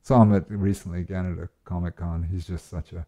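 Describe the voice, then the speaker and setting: A male actor, a guest chatting casually in a flat, relaxed and rambling with many fillers. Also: sits low, quick pace. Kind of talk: casual interview chat. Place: host's flat.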